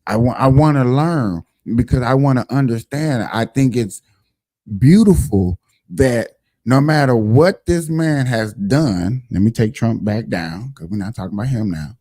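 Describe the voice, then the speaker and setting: A man's voice: mid-range voice, lively intonation, unhurried, warm tone, dry recording, clean studio sound. A man hosting a casual livestream show, talking emphatically and directly to his viewers.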